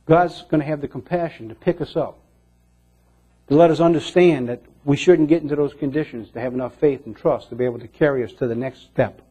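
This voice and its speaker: A man preaching a sermon in an earnest way, moving between emphatic lines and hushed ones. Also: a little high, fairly quick, breathy edge. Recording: dull lo-fi recording.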